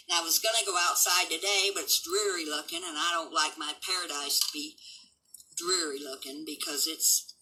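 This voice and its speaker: A woman's voice: fairly low pitch, sharp tone, low-quality recording. Blunt, combative woman in her seventies. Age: 70s. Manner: blunt, combative, swearing, defiant. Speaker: livestream host. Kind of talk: unscripted livestream rant.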